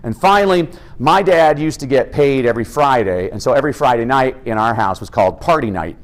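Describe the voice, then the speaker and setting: A middle-aged American man giving an energetic, humorous keynote talk as an education speaker. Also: mid-range voice, fairly quick. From United States. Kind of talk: keynote speech.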